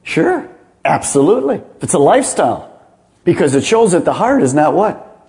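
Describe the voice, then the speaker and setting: A man's voice: on the high side, big pitch swings, moderate pace, darkish tone. A man, a pastor, preaching a sermon with emphatic rhetorical questions.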